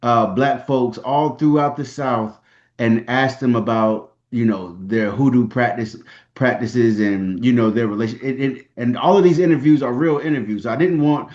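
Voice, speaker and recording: A man's voice: mid-range voice, normal speed, a little mellow, lo-fi sound. A man hosting a casual podcast conversation, backing his guest up with frequent affirmations. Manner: encouraging listener, frequent affirmations. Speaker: podcast host.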